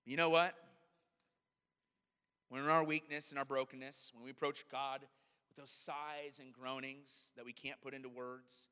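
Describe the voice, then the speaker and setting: A man in his thirties preaching a sermon as a pastor, in a conversational, animated storytelling manner. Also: mid-range voice, normal speed, pauses often, clean tone, big-room sound. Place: church sanctuary.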